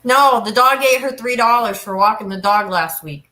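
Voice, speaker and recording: A woman's voice: fairly high pitch, moderate pace, sharp tone. A woman chatting on a watch party stream from home, laughing often and making blunt quips. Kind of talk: casual watch party chat.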